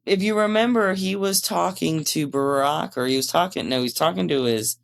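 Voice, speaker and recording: A man co-hosting a casual recap chat, retelling scenes in an animated way and acting out characters' lines. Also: a little high, normal speed, vocal fry. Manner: animated storyteller who acts out characters' lines. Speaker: co-host of a TV drama recap show.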